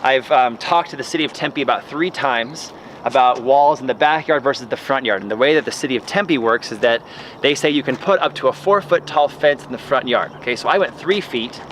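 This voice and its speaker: A man hosting a gardening vlog, telling a story in a chatty, animated way while standing in his front yard. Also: mid-range voice, fairly quick, slight background noise. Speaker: gardening channel host.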